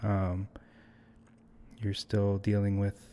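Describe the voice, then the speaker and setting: This is a casual interview with a young male podcast guest who is thoughtful and unsure, often starting his sentences over. His voice is warm and fairly low, and he talks slowly in a monotone.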